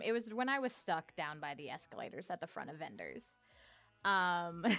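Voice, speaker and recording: A woman's voice: on the low side, fairly bright tone, no echo. A woman streamer telling a story in casual chat, laughing often and swearing freely.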